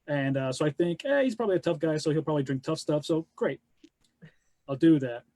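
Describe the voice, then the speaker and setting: A man co-hosting a casual live webcast, talking haltingly with many restarts. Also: a little high, lively intonation, warm tone, dry recording. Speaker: co-host.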